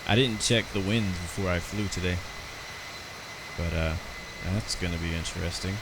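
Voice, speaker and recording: A man's voice: low voice, steady tone, moderate pace, heavy background noise. An American man chatting casually and rambling through live commentary on his flight sim stream, talking to his viewers.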